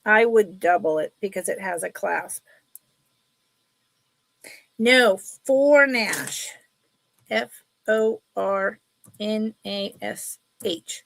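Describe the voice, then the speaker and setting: A middle-aged woman chatting casually while selling jewelry on a live sale, telling stories in an animated way. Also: mid-range voice, drawn-out words, vocal fry, pauses often.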